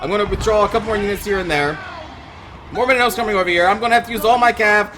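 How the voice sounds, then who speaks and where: A man's voice: high voice, racing, music in the background. A man giving gameplay commentary as a channel host, ranting in exasperation and swearing often.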